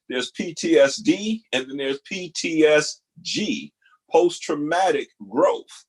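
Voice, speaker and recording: Slow, husky man reflecting earnestly. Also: fairly high pitch. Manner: slow, emphatic, repeats key phrases. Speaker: host reacting to video clips. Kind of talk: reflective spoken commentary.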